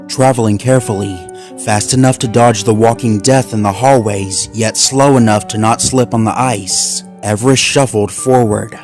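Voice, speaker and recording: A man narrating a suspenseful animal story in a measured, scripted way. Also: lowish voice, darkish tone.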